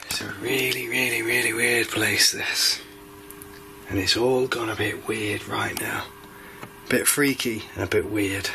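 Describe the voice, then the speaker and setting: A man's voice: lowish voice, fairly even intonation, measured pace, gravelly. A man on a ghost hunt, uneasy about the place and pleading with a spirit to show itself. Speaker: paranormal investigator. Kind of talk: ghost-hunting calls to spirits. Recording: noisy location recording.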